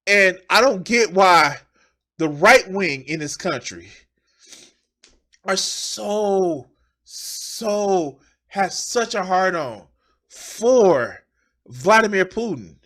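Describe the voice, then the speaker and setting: A man's voice: high voice, animated, extremely slow, pauses often, sharp tone. A man giving profane, emphatic political commentary as a streamer, often repeating his phrases.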